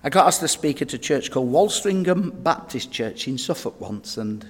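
With a medium-pitched, animated voice that carries a breathy edge, a man delivers a storytelling sermon at a moderate pace. He speaks straight to his congregation through earnest, humorous anecdotes, his words echoing in the long reverb of a church hall.

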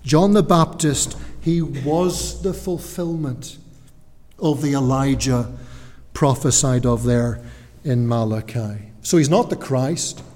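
A man preaching a sermon in a church, earnest and emphatic, with deliberate pauses. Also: mid-range voice, a little mellow, long reverb tail.

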